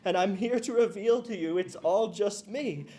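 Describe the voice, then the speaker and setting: High-voiced playful man giving a speech. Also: moderate pace, warm tone. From New Jersey. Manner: playful, self-mocking, with hesitant fillers. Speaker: commencement speaker and clown teacher. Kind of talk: graduation speech to a live audience.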